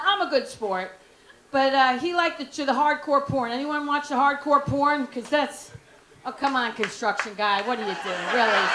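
A woman doing a stand-up comedy set, brash and frank, teasing the crowd. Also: high voice. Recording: echoey club room, faint noise.

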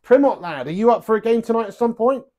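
A man's voice: very high voice, quick pace, dull audio. A man chatting to viewers during a live darts stream, swearing often and bursting out at his throws. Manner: swears a lot, excitable outbursts, chats to viewers. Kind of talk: live stream chat while playing darts.

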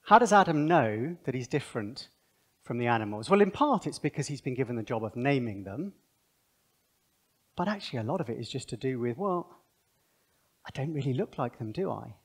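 A man giving a conversational Bible seminar talk, animated and thinking aloud with asides. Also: medium pitch, brisk, long pauses, slightly rough. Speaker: seminar speaker.

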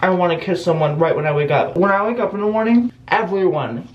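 A man's voice: sits high, fast, muffled recording, a little hiss or hum. Sarcastic young man vlogging at home. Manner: sarcastic, self-mocking, dramatic. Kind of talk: casual self-filmed vlog. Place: at home in a bedroom and bathroom.

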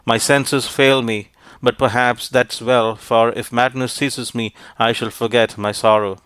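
A man voicing a grieving, faithful young princess in a storybook reading, in a measured, even tone. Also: medium pitch, clean tone, no room sound, close to an everyday voice. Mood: despairing.

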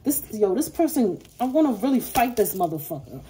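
Woman, tarot reader, mellow warm voice, blunt, cursing, slangy, laughs a lot, faint background hiss. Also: on the high side, big pitch swings, brisk. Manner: blunt, profane and fired up. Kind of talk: casual tarot reading to camera.

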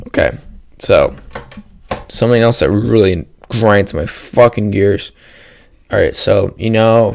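Speaking unhurriedly with vocal fry in a lowish voice, a young podcast host delivers a casual solo rant into his podcast mic. He wanders and cracks jokes, swearing frequently.

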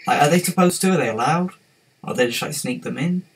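A man's voice: on the high side, fast talker, breathy edge, low-quality recording. A man hosting a casual gaming livestream, rambling, giggling and reading out the chat. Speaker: livestream host.

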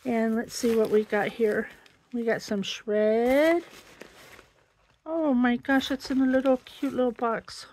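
A woman's voice: fairly high pitch, fairly even intonation, takes it slowly, darkish tone, slight background noise. A woman hosting a casual crafting vlog, chatting and gushing as she unboxes a handmade gift. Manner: gushing, chatty, exclaims over each item. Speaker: crafting channel host.

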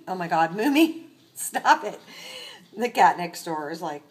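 A woman talking baby talk to a cat while filming it on her phone, cooing in a sing-song voice with soft murmurs. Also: fairly low pitch, expressive, moderate pace, a little hiss or hum. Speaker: cat sitter.

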